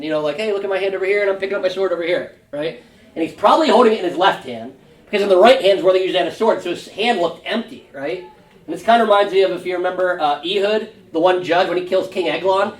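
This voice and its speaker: A male pastor teaching a Sunday school Bible lesson in a conversational, animated way. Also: high-pitched. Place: church classroom. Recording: roomy room, distant mic.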